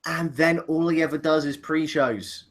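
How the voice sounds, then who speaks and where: A man's voice: a little high, fairly even intonation, moderate pace. A man co-hosting a casual chat, opinionated and joking, often restarting his sentences. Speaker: podcast co-host.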